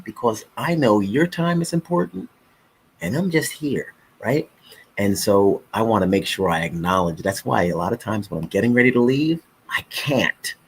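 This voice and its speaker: Speaking in a husky voice on the low side, this middle-aged man runs a casual live stream. He's playful and jokey, talking straight to his viewers and calling them folks.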